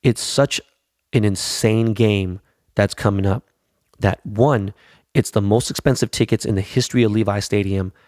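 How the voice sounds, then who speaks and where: A man's voice: fairly low pitch, moderate pace, a little mellow, dry recording, studio quality. A middle-aged man hosting a podcast, rambling through a casual, profane and hyped monologue. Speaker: podcast host.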